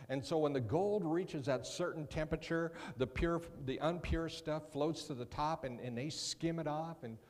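A man's voice: mid-range voice, darkish tone. A man giving a guest sermon, talking conversationally with joking asides and often repeating his first words as he starts a sentence. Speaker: guest preacher. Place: church sanctuary. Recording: long reverb of a church hall.

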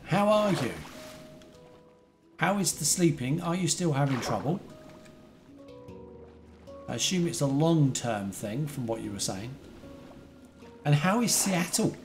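A man's voice: medium pitch, sing-song, a little slow, pauses often, faint music behind. A man from the UK chatting casually to his viewers while playing a building game on a live stream. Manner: chatty, talks to chat viewers, remembers their details.

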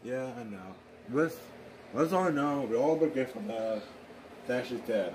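A man improvising a fan drama, talking in a rambling, halting way with excitable exclamations. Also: medium pitch, a little hiss or hum, rough recording. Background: music.

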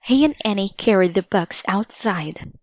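A woman narrating a children's storybook aloud in a slow, even reading manner. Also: mid-range voice, no echo. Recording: dull lo-fi dry recording.

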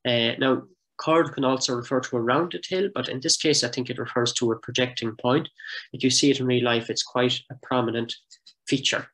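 A man giving an explanatory heritage talk over slides and maps, in a thoughtful, measured way with frequent hesitations. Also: mid-range voice, fairly even intonation, fairly bright tone, low-quality recording.

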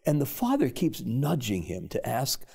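Male panelist, reflective storyteller, lively swooping pitch, raspy edge. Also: moderate pace. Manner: thoughtful, builds to emotional emphasis.

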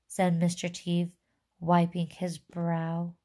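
A woman teacher reading a chapter book aloud to her fourth-grade class, expressive and asking them questions. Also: fairly low pitch, unhurried.

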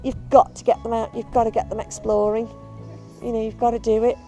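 A woman's voice: on the high side, level tone, fairly quick, warm tone, soft background music. A woman, a bird of prey handler, chatting casually and affectionately while filming outdoors. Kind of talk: casual video update.

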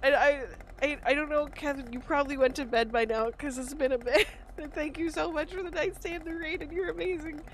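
A woman's voice: high-pitched, steady tone, a little fast, slight background noise. A woman game streamer on a live stream, giggly and overwhelmed as she thanks her viewers, swearing casually.

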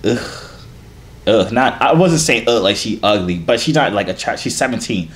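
A man's voice: lowish voice, animated, moderate pace. A man hosting a casual reaction vlog, reading fan messages with playful, slangy, teasing asides.

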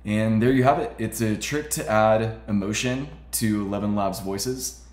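Man, fairly low voice, casual tech tutorial host, relaxed explaining, roomy echo. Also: a little slow. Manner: relaxed explaining with frequent "uh" and "all right".

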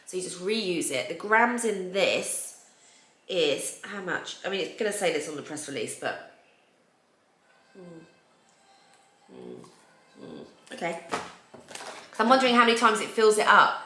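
A woman's voice: fairly low pitch, big pitch swings, a little slow, long pauses, bright, forceful tone. Gushing chatty woman unboxing beauty products. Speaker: beauty vlogger host. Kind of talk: casual unboxing chat. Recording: echoey room with faint noise.

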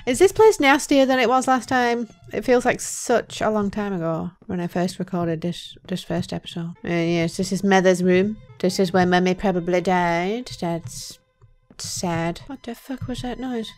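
A young woman hosting a horror game let's play, joking and swearing, swinging between loud outbursts and whispers. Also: mid-range voice. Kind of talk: gameplay commentary.

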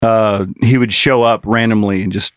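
A man's voice: lowish voice, fairly even intonation, moderate pace, no room sound, clean studio sound. Male podcast co-host reading submissions. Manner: reads listener submissions, laughing often. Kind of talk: casual comedic chat. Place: podcast studio.

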